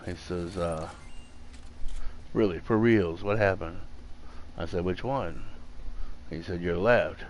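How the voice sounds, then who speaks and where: A man's voice: sits low, takes it slowly, pauses often, a little hiss or hum. A man chatting casually while playing a game at home, rambling with many fillers and restarts. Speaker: gaming streamer. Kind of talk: casual chat while gaming. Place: home room.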